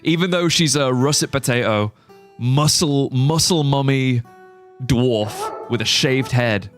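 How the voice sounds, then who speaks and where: A man livestreaming a game in casual chat, excitable and laughing often, with quick exclamations. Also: medium pitch. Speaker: live streamer.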